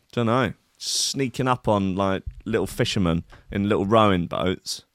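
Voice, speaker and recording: A man's voice: lowish voice, measured pace, no room sound, studio quality. A man hosting a show, reading a news story aloud and ranting about it in a sweary, sardonic, mock-outraged way. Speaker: radio show host. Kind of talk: comic rant reading news.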